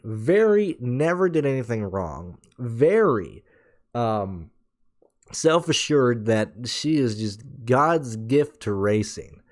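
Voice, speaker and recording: A man hosting a casual podcast, ranting in a blunt, profane, animated way. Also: medium pitch. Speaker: podcast host.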